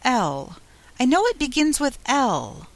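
A curious young girl, put on by a woman reader, rambles and muses aloud in a lively, bouncing voice. Her pitch sits a little higher than the narration and swings eagerly. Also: takes it slowly, heavily acted. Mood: puzzled. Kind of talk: storybook audiobook reading.

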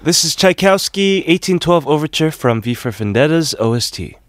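Playful male co-host, lively voice. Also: fairly high pitch, normal speed, no room sound, studio quality. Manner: playful, says "bro". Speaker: podcast co-host. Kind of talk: casual banter.

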